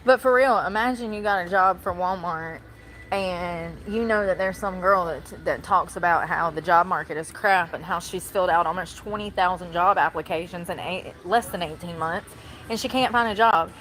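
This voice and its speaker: A woman's voice: on the low side, normal speed, fairly bright tone, a little hiss or hum, rough recording. A woman live streaming on her phone while shopping in a large store, rambling to her chat and complaining about others.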